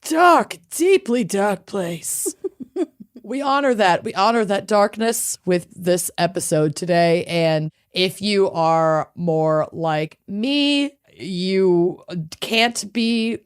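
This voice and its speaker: A woman's voice: slow, smooth. A woman co-hosting a casual podcast, drawling and playful, a bit tipsy. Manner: drawling, playful, swings up and down in pitch. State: tipsy and high. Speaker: podcast co-host. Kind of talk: casual chat.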